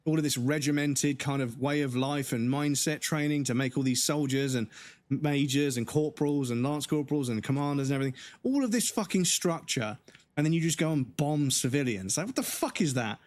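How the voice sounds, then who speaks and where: Hoarse, swearing man ranting. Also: a little high. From United Kingdom. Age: 40s. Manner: angry, swearing, halting restarts. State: voice going hoarse. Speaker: livestream gamer. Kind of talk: casual livestream rant.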